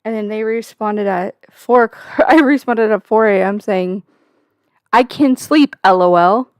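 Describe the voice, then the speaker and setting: A woman's voice: mid-range voice, a little slow, clean tone, no room sound, clean studio sound. A young woman hosting a casual livestream from home, rambling and joking with plenty of swearing and filler words. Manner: profane, jokey, rambling with many fillers. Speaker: livestream host.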